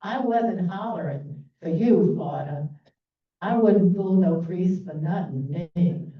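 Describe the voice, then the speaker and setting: A cheeky street-smart young newsboy, as a woman reads him out, brash and slangy, pitched a little higher than her usual voice. The sound is thin and phone-like, with heavy room echo from a distance. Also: slow pace.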